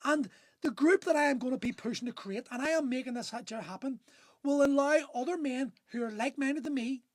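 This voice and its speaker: A man's voice: very high-pitched, fairly quick, dry recording. A man in his forties, a gym owner, ranting fervently on a phone livestream, swearing often and restarting his sentences. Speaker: gym owner and men's coach. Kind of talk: impassioned live-stream monologue.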